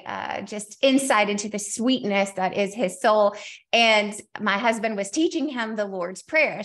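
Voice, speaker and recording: A woman in her thirties giving an energetic webinar presentation as a company CEO, telling stories and laughing often. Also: fairly high pitch. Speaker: keynote speaker and company CEO.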